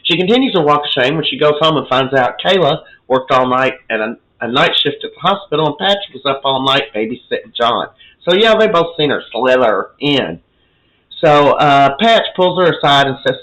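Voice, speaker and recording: A man's voice: mid-range voice, expressive, moderate pace, a bit bright, highs cut off. A man giving a casual, chatty recap of a soap opera episode, opinionated and full of fillers.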